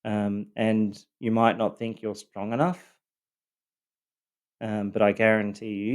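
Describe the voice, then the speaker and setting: Earnest, hesitant man, lowish voice. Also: fairly even intonation, unhurried, long pauses. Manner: earnest, hesitant, many fillers and repeated words. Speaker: podcast host telling his own story. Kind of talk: loosely scripted personal monologue.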